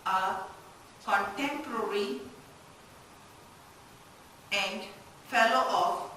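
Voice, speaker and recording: A woman lecturing on literature, explaining slowly in short halting phrases and putting questions to her class. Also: medium pitch, expressive, fairly bright tone. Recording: very echoey room, distant mic, faint noise.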